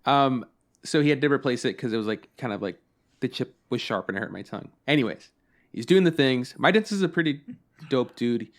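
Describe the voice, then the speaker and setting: Young male podcast co-host, animated storyteller, casual and profane. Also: medium pitch, a little fast. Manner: animated storytelling, acts out both sides of conversations; swears casually. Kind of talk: casual chat.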